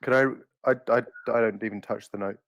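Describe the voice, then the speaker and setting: A man, a player in a tabletop game, who speaks quickly and defends himself with jokes. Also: lowish voice, steady tone, a bit bright, no echo, dull audio. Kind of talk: playing a tabletop game in character.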